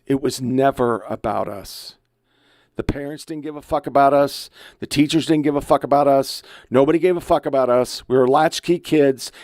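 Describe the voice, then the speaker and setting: A man's voice: medium pitch, a little mellow, dry recording, clean studio sound. A man in his fifties hosting a podcast, reacting to online clips in a blunt, profane, emotional rant. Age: 50s. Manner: blunt, profane, heated ranting. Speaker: podcast host.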